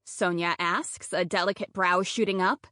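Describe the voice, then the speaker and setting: A woman narrating a first-person romantic comedy audiobook in a lively, comic, self-deprecating way. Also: on the low side, moderate pace, dry recording, studio quality.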